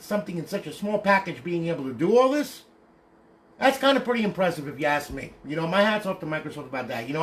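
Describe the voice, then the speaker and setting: A man's voice: fairly high pitch, a bit bright, slight background noise. Blunt, ranting man on a livestream. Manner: blunt, ranting, ends phrases with "okay?"; swears casually. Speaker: console modder and seller. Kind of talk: casual livestream demonstration.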